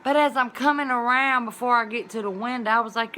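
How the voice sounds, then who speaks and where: Bright-voiced woman telling a lively story. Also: fairly high pitch, fairly quick, slight background noise. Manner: animated, colloquial storytelling with sudden loud exclamations. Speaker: vlogger. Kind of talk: casual storytelling vlog.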